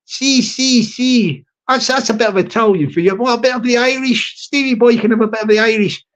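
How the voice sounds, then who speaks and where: A man's voice: very high voice, fast, fairly bright tone. A man hosting a casual livestream, rambling and jokey, laughing often and restarting his sentences. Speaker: channel host.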